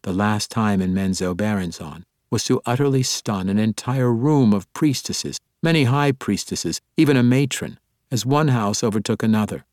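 A man voicing a proud elf priestess woman in an audiobook, speaking in a measured, solemn and formal way. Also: on the low side, darkish tone, dry recording, studio quality, natural voice.

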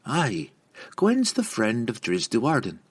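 A spirited young woman adventurer, raised among dwarves, speaks in a homely old-fashioned dialect, as a male storyteller puts her on. The voice sits well above his own and has a slightly husky grain. She is the heroine of a fantasy audiobook. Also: medium pitch, huge pitch swings, slow pace, voice pushed up, full character voice. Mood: proud. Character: plucky young woman adventurer, dwarf-raised, road-worn.

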